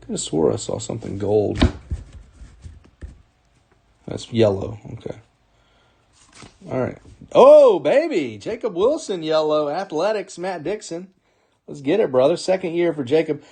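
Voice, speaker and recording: A man with a fairly high voice hosts a card break, rattling off names as he rips through packs. His delivery is upbeat and chatty, with frequent chuckles between calls. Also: sing-song, unhurried, gravelly, pauses often, dark tone, husky. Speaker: sports card break host. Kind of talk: live card-opening commentary.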